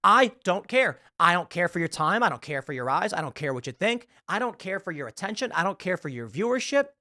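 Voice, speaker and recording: A man's voice: high voice, sing-song, a little fast, bright, forceful tone, no echo, clean studio sound. A man in his thirties hosting a political commentary show, ranting sarcastically and mocking an article he reads aloud. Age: 30s.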